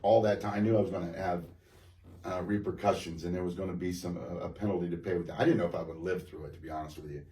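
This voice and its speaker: A man telling his personal testimony in a halting, rambling way, full of restarts and fillers. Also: deep voice, steady tone, mellow. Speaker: guest giving a testimony. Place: church room. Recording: echoey room, mic at a distance.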